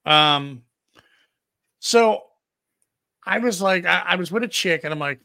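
Casting: man, high gravelly voice, rambling profane storyteller, dry booth sound. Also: lively intonation, moderate pace, pauses often, pushed and bright, no echo. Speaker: podcast co-host. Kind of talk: crude casual storytelling.

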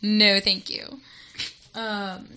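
Slow, bright-voiced woman co-hosting radio. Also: medium pitch, flat delivery, smooth. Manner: playful, laughs often, echoes her co-host. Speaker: radio co-host. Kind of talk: casual radio banter.

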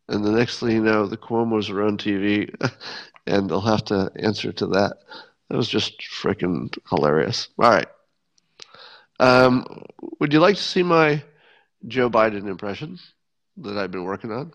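A man's voice: fairly low pitch, moderate pace. A man hosting a podcast in casual solo commentary, wry and sardonic, often restarting sentences. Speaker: podcast host. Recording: dull lo-fi sound.

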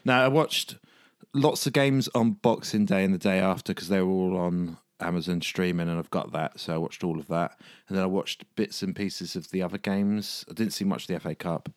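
A man's voice: low voice, fairly even intonation, moderate pace, no echo. A man co-hosting a casual football podcast, laid-back, with dry humour and short replies. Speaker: podcast co-host.

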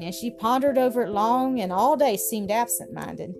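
A woman reading a story aloud in a steady, expressive way. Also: fairly high pitch, normal speed, creaky. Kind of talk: storybook narration. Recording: music playing behind.

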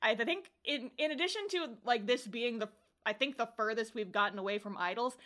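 Woman, podcast co-host, casual chat, rambling, swears, laughs a lot, bright tone, fairly high voice. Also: brisk.

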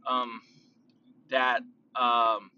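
A man hosting his own podcast, musing aloud in a loose, rambling monologue full of fillers, restarts and long drawn-out words. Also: mid-range voice, little pitch movement, bright, forceful tone, clear, resonant tone, recorded from a distance, muffled recording. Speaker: podcast host.

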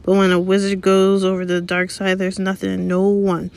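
Woman reading big gruff gamekeeper, growling, loyal, hot-tempered, audiobook. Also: medium pitch, completely flat delivery, a little fast, a little mellow, lightly acted. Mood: aggrieved. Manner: growling, rough-spoken.

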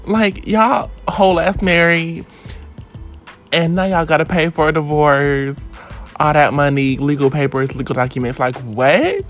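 A woman's voice: low voice, measured pace, soft background music. A woman hosting her own vlog, ranting about celebrity gossip in a sassy, profane way and repeating her points for emphasis. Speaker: vlog host. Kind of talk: casual celebrity gossip rant.

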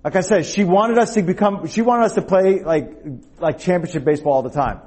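A man preaching a youth sermon, telling a lively personal story and checking in with his listeners as he goes. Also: high voice, brisk, husky. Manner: animated storyteller, acts out shouted quotes, rhetorical "okay?" and "all right?".

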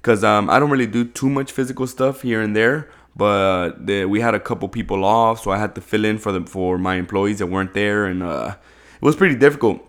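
A man's voice: fairly low pitch, a little fast. A young man co-hosting a podcast in casual, slangy chat, swearing freely. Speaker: podcast co-host.

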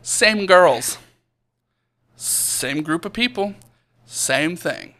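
Animated young man telling a story. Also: on the high side, extremely slow, slight background noise. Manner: animated storyteller acting out quotes. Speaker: podcast co-host. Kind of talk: casual storytelling.

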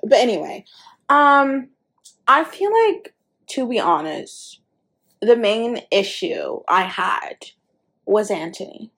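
A woman's voice: medium pitch, animated, slow, long pauses, a bit bright. A young woman in casual chat about a TV show, playful and teasing, jumping from joke to joke. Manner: playful, teasing, jumps between jokes. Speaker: co-host.

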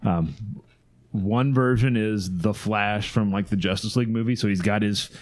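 A man hosting a podcast, running through movie news in a relaxed chat and laughing often. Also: fairly low pitch, normal speed. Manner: runs a countdown of movie news, chatty and laughing. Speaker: podcast host. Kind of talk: casual chat.

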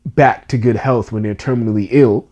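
A man's voice: medium pitch, fairly even intonation, moderate pace, dark tone, breathy edge. Emotional man telling a heartfelt story. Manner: emotional, earnest, casual slang.

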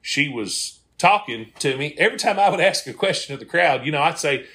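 Man, comedy tour guide on a podcast, bright forceful voice, folksy, laughs often. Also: a little high, expressive, fairly quick. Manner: folksy, laughing, acts out quoted people. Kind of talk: casual podcast storytelling.

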